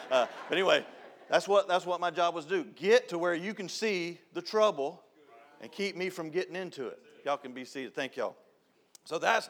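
Folksy youth director in the pulpit, middle-aged, slightly high-pitched, storyteller who laughs and shouts for effect. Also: male voice. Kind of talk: folksy sermon. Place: church sanctuary.

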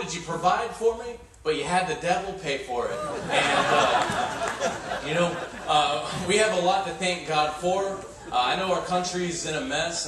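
Halting, folksy preacher in an echoey hall. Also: male voice, a little high, bright, forceful tone. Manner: halting, folksy, many fillers. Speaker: pastor. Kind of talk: sermon. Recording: echoey church hall from far off.

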